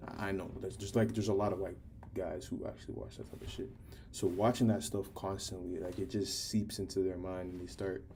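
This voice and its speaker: Teen dude rambling casually, kinda low voice, keeps restarting sentences. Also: male voice, gravelly, dark tone, a little hiss or hum. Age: teens. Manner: candid, rambling, restarts often. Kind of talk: casual chat.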